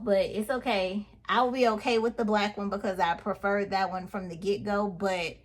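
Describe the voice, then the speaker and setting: A woman's voice: a little high, a bit bright. A woman, chatting to her viewers in a casual unboxing vlog, exasperated and talkative. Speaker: vlogger.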